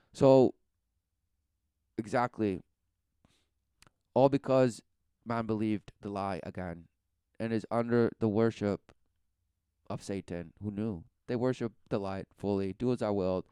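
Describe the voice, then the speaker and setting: A man's voice: medium pitch, mellow, smooth, dry recording, studio quality. A man preaching in a rambling talk, often tossing in rhetorical questions. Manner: rambling, keeps asking "who knew" and "right?".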